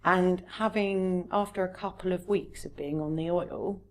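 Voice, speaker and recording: A woman's voice: lowish voice, fairly even intonation, measured pace, a little hiss or hum. A woman talking openly and earnestly as a guest in a casual podcast chat. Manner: earnest, open, personal.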